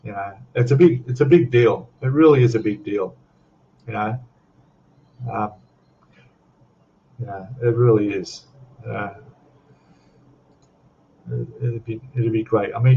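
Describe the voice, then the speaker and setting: An older man from Australia, medium-pitched with a darkish tone, chats casually on a livestream, rambling, chuckling frequently, and reading out viewer comments. The recording has its highs cut off.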